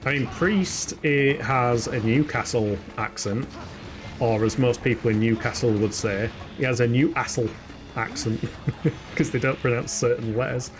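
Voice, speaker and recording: A man's voice: medium pitch, unhurried, music in the background. A man from England with a Yorkshire accent, giving jokey, chatty live commentary while playing a video game and answering chat questions. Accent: Yorkshire English. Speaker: gaming streamer. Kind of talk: live let's-play commentary.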